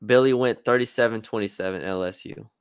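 Low-voiced man in casual sports chat. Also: brisk, clean tone, no echo. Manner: relaxed, hedging with fillers and restarts. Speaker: sports podcast co-host.

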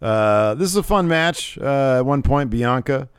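A man's voice: mid-range voice, animated, unhurried, clean tone, dry recording, clean studio sound. A man co-hosting a live-streamed podcast, recapping wrestling in a rambling, casual way with lots of fillers. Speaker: podcast co-host.

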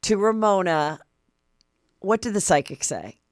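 A woman's voice: medium pitch, very animated, a little slow, dry recording, studio quality. A woman hosting a podcast, chatting casually in a loose way with lots of "like" and "um". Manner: loose, filler-heavy talk. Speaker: podcast host. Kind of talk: casual chat.

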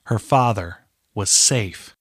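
A man narrating a fantasy audiobook in a measured, deliberate storytelling manner. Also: on the low side, fairly bright tone, slightly rough, dry recording, clean studio sound. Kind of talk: scripted narration.

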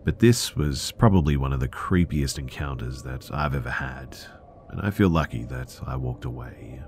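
A man calmly narrating true scary stories in a low-key, subdued way. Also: moderate pace, slight background noise. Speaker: storyteller.

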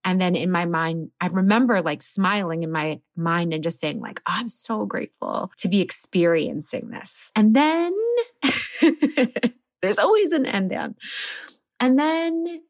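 A woman in her thirties casually telling her birth story as a podcast guest, animated and laughing often. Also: mid-range voice, a little slow, no echo, studio quality.

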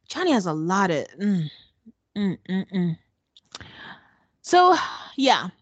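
A woman co-hosting a podcast, recapping a reality show in a sarcastic, animated, chatty way. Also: a little high, normal speed, no room sound. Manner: sarcastic, animated storytelling with acted quotes. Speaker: podcast co-host. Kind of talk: casual recap chat.

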